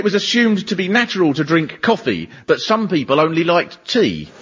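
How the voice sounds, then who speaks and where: A man's voice: fairly high pitch, sing-song, normal speed, a bit bright, slight background noise. A British man doing a stand-up comedy monologue in a mocking tone, often slipping into silly voices. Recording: lo-fi TV recording, audience laughing.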